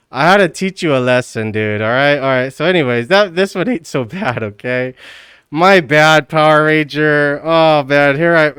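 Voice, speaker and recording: Laughing, teasing man with a smooth voice. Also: mid-range voice, fairly bright tone, no room sound, clean studio sound. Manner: teasing, profane, keeps breaking into laughter; slangy, says dude constantly. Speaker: live streamer. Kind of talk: casual live-stream chat.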